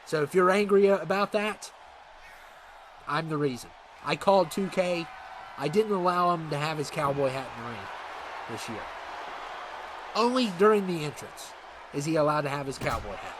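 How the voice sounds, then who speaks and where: A man's voice: fairly high pitch, lively intonation, normal speed, long pauses, noisy background. A man giving casual let's-play commentary on a wrestling game, dramatic and playfully indignant. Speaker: gaming commentator.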